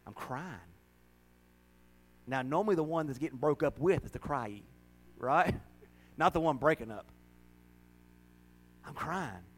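A middle-aged man preaching a folksy, emotional sermon, breaking into laughs and sudden loud, high rises. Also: animated, a little slow, pauses often, poor audio. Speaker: pastor.

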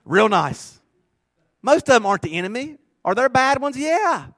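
A middle-aged pastor with a high, bright-edged voice delivers a sermon. He drops to low, confiding murmurs, then rises into loud, fervent preaching. The sound is close and dry, with no room echo. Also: sing-song, moderate pace.

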